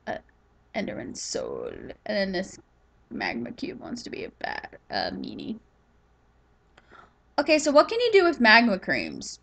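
A tired woman talks her way through a game session in casual, rambling commentary. She chats to herself, muses aloud and stops to yawn. Her pitch sits in a middle range for a woman. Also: huge pitch swings, measured pace, creaky, long pauses, fairly bright tone. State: tired, yawning. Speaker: gaming YouTuber.

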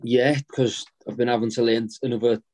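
A man who fights MMA, talking plainly and calmly about his training. His voice is mellow and dark-toned at a mid pitch. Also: brisk. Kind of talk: casual interview answer.

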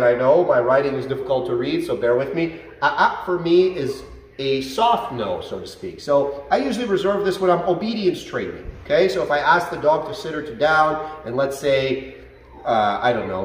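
A man working as a dog trainer explains things to a class in an animated way. He often checks in with "okay?" and "right?". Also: medium pitch, far from the mic, a little hiss or hum. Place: dog training facility, indoors. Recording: roomy echo, set back from the mic.

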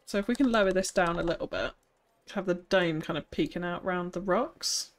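A woman's voice: fairly low pitch, normal speed. A woman streaming a city-building game, chatting casually and thinking aloud, with frequent laughs. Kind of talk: casual live-stream commentary while building.

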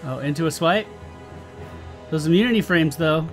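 A man's voice: fairly high pitch, normal speed, long pauses, faint music behind. A man giving casual gameplay commentary on a let's play, swearing and exasperated, talking back at the game.

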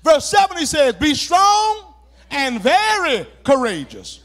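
A pastor preaching a sermon, calling for responses and shouting key words as he repeats phrases. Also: very high voice, huge pitch swings, takes it slowly.

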